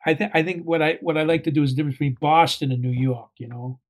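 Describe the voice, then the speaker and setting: A man who works as an actor, a guest in an interview, answering in a halting way with lots of "uh" and "you know". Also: a little high, steady tone. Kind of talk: conversational interview.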